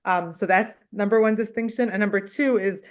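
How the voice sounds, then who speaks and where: A woman teacher talks in a casual meeting conversation. She speaks fast and with high energy, running her thoughts together as she goes. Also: fairly even intonation. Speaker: special education teacher.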